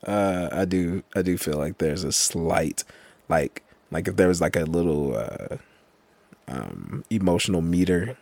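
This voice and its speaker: A man's voice: low voice, lively intonation, a little slow, vocal fry, a little mellow, dry recording. A man co-hosting a podcast, talking in a laid-back, hesitant and wry way in casual chat. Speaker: podcast co-host.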